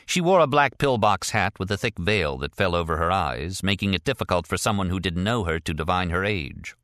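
A man reading a thriller audiobook in a measured, expressive storytelling voice. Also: low-pitched, dry recording, studio quality. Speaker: audiobook narrator. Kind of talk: scripted narration.

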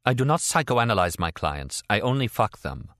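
A man's voice: lowish voice, very animated, moderate pace, a bit bright, no echo. A man reading a dry, sardonic male operative. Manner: dry, formal and ironic.

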